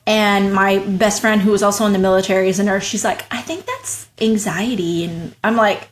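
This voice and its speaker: A woman at a medium pitch talks as a guest in a relaxed interview, frank and chatty. She tells her story in quick bursts and keeps slipping into animated quoted voices for her own past thoughts. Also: noisy background. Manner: frank and talkative, rapid bursts of speech. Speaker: podcast guest, small business owner.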